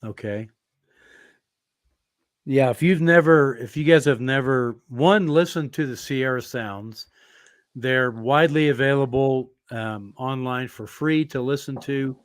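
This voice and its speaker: A man hosting an interview in a casual, relaxed way, telling stories with drawn-out fillers. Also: medium pitch, no echo, clean studio sound. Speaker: podcast host.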